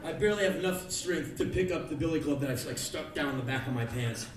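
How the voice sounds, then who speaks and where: A man in his early thirties giving a live spoken word monologue on stage, ranting in sudden shouted bursts of rage. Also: fairly high pitch, fast talker. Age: early 30s. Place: music club on stage. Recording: echoey club from far off, crowd noise. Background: audience laughter.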